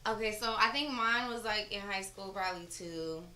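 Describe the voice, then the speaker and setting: Animated young woman, bright tense voice. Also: mid-range voice, normal speed. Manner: animated storytelling, swears freely, laughs loudly. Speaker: podcast co-host. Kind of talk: casual chat. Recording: echoey room, faint noise.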